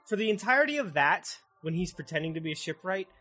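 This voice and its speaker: A man hosting a casual podcast, recapping an anime in an animated, excitable way and swearing constantly. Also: high-pitched, fast talker, soft background music. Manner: animated, heavily profane, excitable. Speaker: podcast host.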